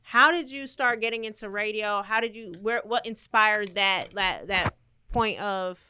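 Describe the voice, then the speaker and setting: Woman podcast host, bright smooth voice, encouraging, lots of mm-hmms. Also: medium pitch, measured pace. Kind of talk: casual interview chat.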